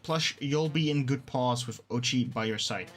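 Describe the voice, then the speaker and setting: A man reading aloud the lines of a rescue-ship captain briefing a rookie crew, in a steady read-aloud manner. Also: mid-range voice, moderate pace, faint music behind, close to an everyday voice. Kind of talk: reading game dialogue aloud.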